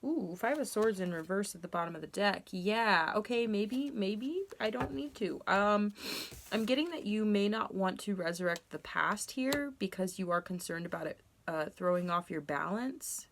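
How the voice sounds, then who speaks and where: A woman's voice: medium pitch, animated, moderate pace, slight background noise. A young woman giving a casual tarot reading to camera, candid and rambling, with frequent ums and self-corrections. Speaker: tarot reader.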